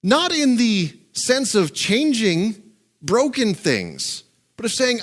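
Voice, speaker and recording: A male pastor preaching a conversational, animated sermon with asides and chuckles. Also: high voice, slow.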